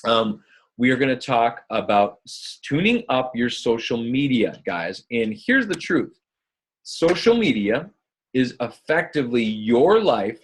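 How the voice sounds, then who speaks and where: A man with a slightly husky voice running a live online coaching session. He talks in an upbeat, chatty way and keeps calling his listeners guys. He sounds like he is on a computer mic during a screen-shared video call. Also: mid-range voice. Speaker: fitness business coach.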